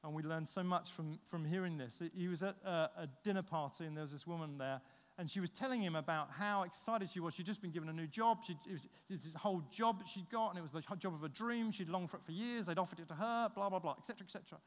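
Man, pastor, slightly high voice, preaching in a big echoing hall, animated storyteller who acts out the voices. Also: fast. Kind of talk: sermon. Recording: long reverb of a large hall.

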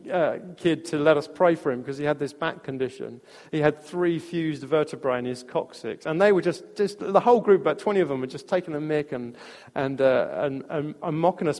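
A man preaching a sermon, telling a story in a conversational way with restarts and soft laughs. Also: a little high. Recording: long reverb of a large hall.

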